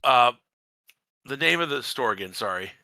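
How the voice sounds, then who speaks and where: A man's voice: mid-range voice, expressive, moderate pace, vocal fry, bright, forceful tone, no room sound. A man, a player in a tabletop game, chatting casually and hesitantly with many fillers. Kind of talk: casual chat.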